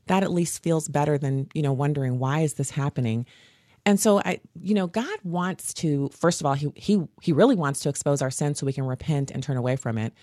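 A woman hosting a faith podcast, telling stories in an animated, earnest way. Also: sits low, a little fast, hardly any pauses, no echo, studio quality. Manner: animated, earnest storytelling with laughs. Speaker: podcast host. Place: home studio.

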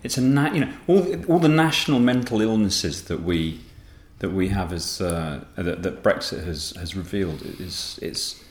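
A man's voice: deep voice, lively intonation, moderate pace, few pauses, roomy sound, a little hiss or hum. A sleep-deprived man co-hosting a podcast in rambling, self-deprecating casual chat. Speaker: podcast co-host.

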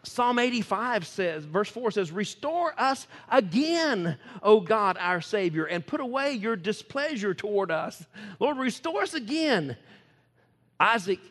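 A high-pitched man preaching a sermon in a folksy, chuckling manner. He swings from loud exclamations to quiet asides. His voice rings with the long reverb of a church hall. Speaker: pastor.

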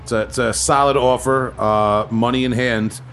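A man hosting a podcast interview, talking in a halting, casual way with many ums and uhs. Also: mid-range voice, steady tone, a bit bright, faint music behind. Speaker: podcast host.

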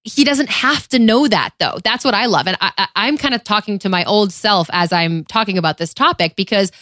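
A woman's voice: mid-range voice, brisk, a bit bright, dry recording, clean studio sound. A woman co-hosting a casual podcast chat, speaking enthusiastically. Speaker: podcast co-host.

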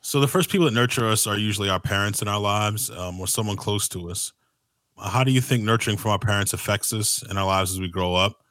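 Fast-talking man rambling on a podcast. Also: lowish voice, a bit bright, dry recording, studio quality. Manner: rambling, leans on "like" and "you know what I mean". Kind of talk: casual podcast conversation.

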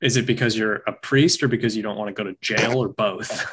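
A podcast host with a husky, slightly breathy voice leads a loose comedic chat. He asks teasing questions in a relaxed way. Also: on the low side, brisk.

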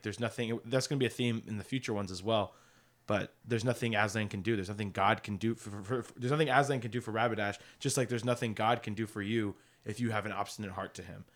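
Man casually retelling a book. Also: on the low side. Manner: retells and reads aloud, many fillers and laughs.

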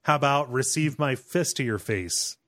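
A man's voice: medium pitch, normal speed, a bit bright, no echo, clean studio sound. A man co-hosting a podcast in casual chat, joking and laughing a lot in punchy banter. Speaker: podcast co-host.

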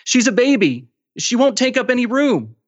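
A man reading aloud who voices a desperate young boy begging for help at sea, in a much higher voice. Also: big pitch swings, moderate pace, dry recording, dull audio, full character voice. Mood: desperate pleading. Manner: pleading, begging cries.

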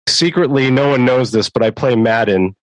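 A man who is a guest on a gaming podcast, talking casually in a rambling, halting way. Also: mid-range voice, dry recording, low-quality recording. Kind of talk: casual interview chat.

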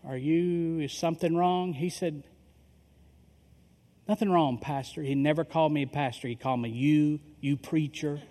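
A man's voice: fairly high pitch, steady tone, normal speed, few pauses, dark tone. A middle-aged male pastor telling a story in a sermon, acting out the dialogue of the people in it. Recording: long reverb of a large hall.

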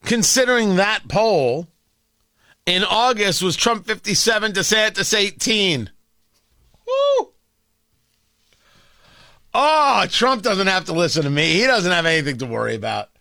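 A sarcastic male talk radio host with a high, bright, ringing voice. His pitch leaps around as he hammers each point, recorded dry and close in the studio. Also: moderate pace, gravelly, no echo. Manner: sarcastic, emphatic, animated delivery. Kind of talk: opinionated talk radio monologue. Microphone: studio microphone.

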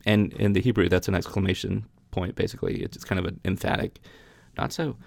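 A man's voice: deep voice, flat delivery, quick pace, creaky, a little mellow, no room sound, studio quality. A man hosting a podcast, reading Bible passages aloud and talking them over casually, with frequent restarts. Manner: reads scripture aloud then chats about it with many restarts. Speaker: podcast host.

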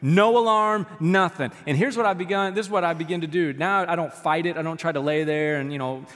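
A man in his thirties preaching a sermon as a pastor, telling animated, humorous stories from the stage of a church. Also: fairly high pitch, fairly quick. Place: church sanctuary. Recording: long church-hall reverb.

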